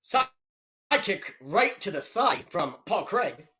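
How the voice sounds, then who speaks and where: A young man giving jokey, excitable play-by-play commentary on a live fight stream, breaking into loud outbursts. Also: high-pitched, slow.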